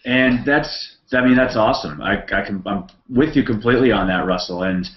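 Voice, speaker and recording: A man co-hosting an online hangout, agreeing warmly and hesitating with fillers as he chats. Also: lowish voice, normal speed, reverberant, muffled recording. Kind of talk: casual online hangout chat.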